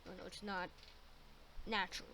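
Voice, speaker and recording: A woman's voice: medium pitch, flat delivery, pushed and bright, slight background noise. A woman hosting a reaction video, chatting casually and firing off curious questions between clips. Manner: chatty and questioning, quick interjections.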